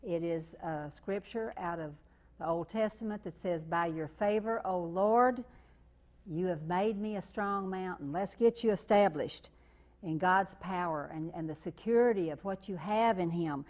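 A woman from Eastern Kentucky with a Kentucky accent, preaching as a televangelist, slowing for emphatic repetition and rising to loud declarations. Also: lowish voice. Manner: fervent, building to loud declarations. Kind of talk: preaching and fundraising appeal.

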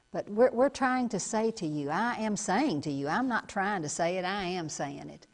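A woman's voice: medium pitch, a little mellow. Folksy woman TV preacher. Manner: folksy, emphatic, repeats phrases for stress. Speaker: TV preacher, program host. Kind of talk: televised sermon.

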